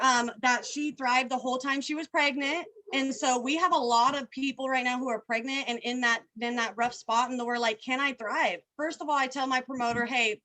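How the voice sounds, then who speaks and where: A woman on a video call talking fast and excitedly, full of slang and energy. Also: sits high, low-quality recording. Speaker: team leader guest. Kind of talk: casual video call chat.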